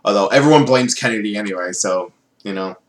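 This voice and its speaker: A man's voice: lowish voice, fast. A man reviewing a TV show in a casual video, rambling and sarcastic, with many fillers.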